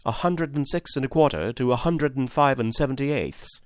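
A man's voice: mid-range voice, lively intonation, normal speed, no room sound, studio quality, voice pushed up, lightly acted. A man doing an eager, modest young clerk. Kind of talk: audiobook character voice.

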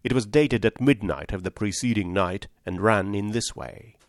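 Brief: measured male audiobook narrator, lowish voice, dry close sound. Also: vocal fry, no echo. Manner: measured, storytelling. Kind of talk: scripted narration.

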